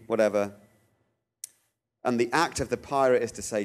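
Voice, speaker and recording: A man speaks at an ordinary middle pitch, giving a theological talk. He tells stories with lively rises and acts out the voices of the people he quotes. His delivery is animated and expressive. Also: normal speed, long pauses. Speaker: guest speaker.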